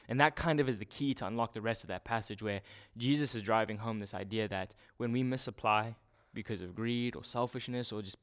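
A man with a mid-range voice preaches a sermon in a relaxed, conversational manner. He often restarts and leans on fillers.

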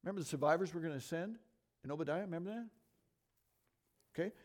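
A middle-aged man leading a Bible teaching, talking quickly and conversationally, tossing questions out to his listeners. His voice sits a little higher than most men's. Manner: lively, conversational, talks fast and asks the audience questions. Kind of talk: sermon teaching to a congregation.

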